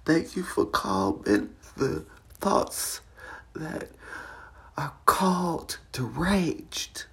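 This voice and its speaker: A woman hosting a podcast, speaking in a raw, emotional and confessional way. She drifts between tearful and hushed, and moves into prayer. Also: low voice, big pitch swings, drawn-out words, gravelly. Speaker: podcast host.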